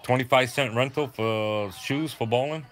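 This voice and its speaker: A man's voice: medium pitch, fairly bright tone. Rambling older Massachusetts man. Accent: Southeastern Massachusetts. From southeastern Massachusetts. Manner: rambling, halting, full of fillers. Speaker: livestream host. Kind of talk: casual chat reading viewer comments.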